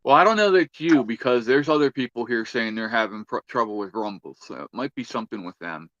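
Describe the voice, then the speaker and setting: A man's voice: medium pitch, lively intonation, brisk, a bit bright, dry recording, lo-fi sound. A man hosting a casual livestream chat, easygoing and chatty, reading out viewer comments. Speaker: livestream host.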